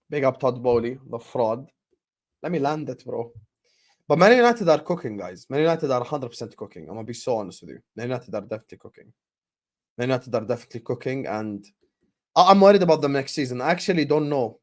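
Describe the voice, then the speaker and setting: A young man hosting a football transfer stream in casual live chat, animated and slangy, and he repeats his points. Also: medium pitch, brisk.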